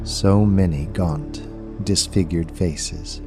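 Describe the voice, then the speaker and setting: A man reading a story aloud as narrator, in a measured, unhurried storytelling manner. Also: sits low, steady tone, music in the background. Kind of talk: scripted audiobook narration.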